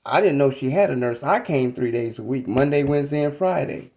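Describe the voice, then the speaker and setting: A man in his thirties telling a personal story about his mother in a reflective, halting, casual way. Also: mid-range voice, darkish tone. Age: 30s.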